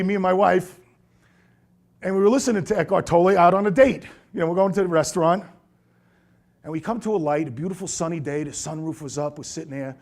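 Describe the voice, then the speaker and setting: A middle-aged chiropractor with a slightly high voice gives a seminar talk to colleagues. He tells lively stories and acts out the voices of the people he quotes.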